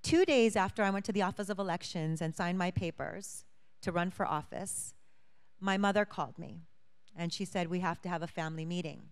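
A woman's voice: on the low side, brisk, smooth. A young adult woman from Hawaii, a lawmaker, telling her testimony to a congregation with earnest storytelling and acted-out quotes. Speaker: church guest speaker, state lawmaker.

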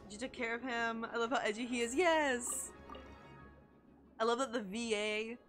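A woman's voice: a little high, flat delivery, quick pace, a bit bright, faint music behind. A young woman chatting casually and gushing while she streams a video game, with lots of likes and oh my gods. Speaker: gaming streamer. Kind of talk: casual live-stream chat while playing.

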